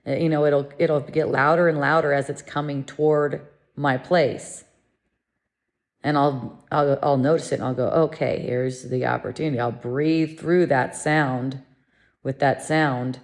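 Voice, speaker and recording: A woman giving a gentle, meditative spiritual lesson, speaking in a soothing, unhurried way. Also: sits low. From living in Mexico. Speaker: spiritual teacher.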